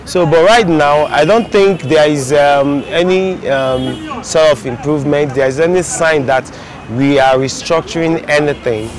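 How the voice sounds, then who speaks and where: A man giving his opinion on the street, hesitant and pausing often with fillers. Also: fairly high pitch, rough recording. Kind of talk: street vox pop opinion. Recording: outdoors with crowd noise.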